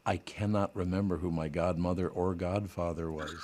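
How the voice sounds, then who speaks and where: A man's voice: low-pitched, fairly even intonation, moderate pace, a little mellow, a little hiss or hum. An older man hosting a radio show, telling stories in a dry way with sudden laughs. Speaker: radio host. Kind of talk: casual talk radio banter.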